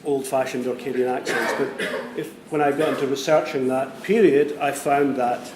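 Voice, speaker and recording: A man, a writer, answering questions at a university event, talking hesitantly with pauses. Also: mid-range voice, over a noisy crowd. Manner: hesitant, with many fillers and restarts. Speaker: guest writer. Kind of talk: literary conversation at a public event. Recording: echoey room with faint noise.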